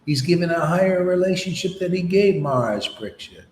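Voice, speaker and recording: Animated man preaching in an echoey room. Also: sits high, brisk. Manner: animated, mocks opponents in put-on voices. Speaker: spiritual teacher. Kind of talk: informal sermon.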